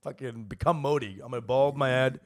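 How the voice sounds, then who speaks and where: Un uomo, co-conduttore di un podcast comico, che chiacchiera in modo rilassato e volgare e ogni tanto imita altre voci. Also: male voice, medium pitch. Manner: loose, crude and joking, slips into quick impressions. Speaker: podcast co-host, comedian. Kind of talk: casual comedic banter. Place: podcast studio in New York.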